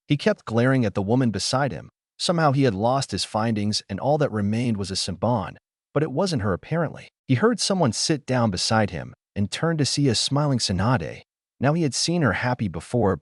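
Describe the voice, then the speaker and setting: Low-voiced man reading fan fiction. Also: dry recording, clean studio sound. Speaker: narrator.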